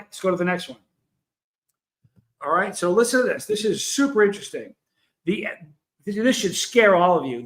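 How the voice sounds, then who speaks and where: A man with a high, bright, forceful voice hosts a casual livestream. He tells his story with emphasis and keeps turning to greet and address his viewers. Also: poor audio. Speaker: livestream host.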